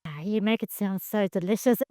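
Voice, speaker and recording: A woman hosting a casual interview, asking blunt, playful, quick-fire questions. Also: mid-range voice, warm tone, no room sound, studio quality. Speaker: podcast host.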